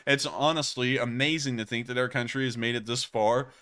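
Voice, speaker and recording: Male streamer host with a bright, clear voice, chatty and meandering as he answers super chats. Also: mid-range voice, fairly even intonation, a little fast. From United States. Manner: rambling, earnest, frequent fillers and restarts. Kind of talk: casual livestream chat.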